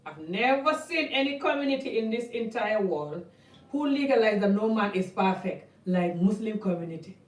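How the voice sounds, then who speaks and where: A woman's voice: mid-range voice, animated, normal speed, slight background noise. Woman vlogger, blunt and impassioned, rambling talk to camera, set back from the mic. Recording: echoey room, mic at a distance.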